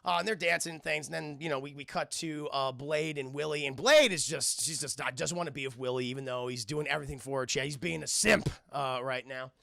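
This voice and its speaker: A man's voice: a little high, gravelly, fairly bright tone, dry recording, clean studio sound. A man streaming a casual, rambling cartoon episode recap, swearing, talking to his chat and briefly acting out characters' lines. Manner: acts out characters' lines in quick voices.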